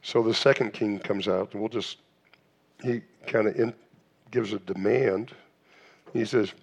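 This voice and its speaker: A man's voice: fairly low pitch, steady tone, unhurried, vocal fry, long pauses, darkish tone. A man preaching a sermon in a church, asking rhetorical questions, with frequent restarts and fillers. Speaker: pastor.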